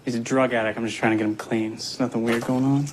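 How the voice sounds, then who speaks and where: A man's voice: mid-range voice, steady tone, fast talker, background noise, lightly acted. An actor playing a weary, exasperated man, speaking dryly and tiredly in film dialogue. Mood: flustered.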